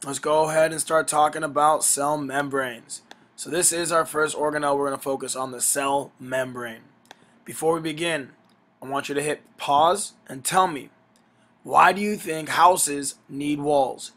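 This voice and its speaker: Man, science teacher, sick strained voice, brisk and instructive, slightly high pitch. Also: fairly bright tone. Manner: brisk, instructive, addressing students directly. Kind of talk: recorded classroom lesson.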